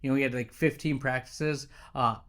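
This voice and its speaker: A man's voice: medium pitch, steady tone, moderate pace, fairly bright tone. A middle-aged man hosting a podcast, telling a story in a casual, conversational way and often checking in with "right?". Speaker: podcast host, practice owner. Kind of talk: casual motivational monologue.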